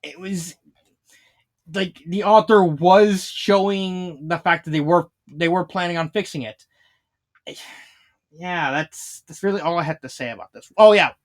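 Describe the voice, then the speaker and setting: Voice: mid-range voice, a little slow. A fanfiction reviewer talking casually, rambling with many restarts and fillers and laughing often while retelling scenes.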